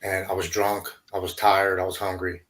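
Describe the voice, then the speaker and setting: A man, a podcast guest, telling his recovery story haltingly, repeating words and going quiet at hard moments. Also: sits low, completely flat delivery.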